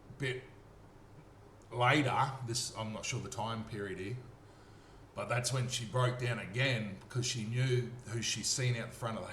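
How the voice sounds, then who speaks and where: An Australian man tells a rambling, earnest personal story, his voice sitting on the low side with a fairly bright tone. He repeats himself and keeps checking in with his listener by asking "okay?". The room is echoey, with faint noise underneath.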